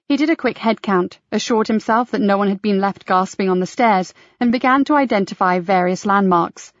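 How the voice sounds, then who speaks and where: Lady reading a crime novel, steady and measured, dry booth sound, bit muffled. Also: medium pitch, dry recording. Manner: measured, even storytelling. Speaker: audiobook narrator. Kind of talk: scripted audiobook narration.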